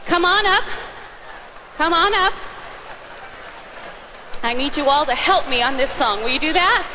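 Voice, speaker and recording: A bit slow yet expressive, a woman's high voice cheerfully coaches children through song actions from the stage of a live church concert. The large auditorium adds a long hall reverb, with faint audience noise beneath her stage mic.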